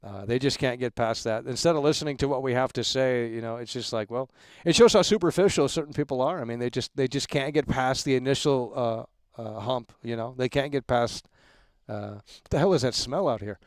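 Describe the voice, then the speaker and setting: On a casual livestream talk show, a man fires off hype shout-outs using repeated catchphrases and rambles through opinions, restarting constantly and using many fillers. His voice is medium-pitched and a little fast, with no room sound.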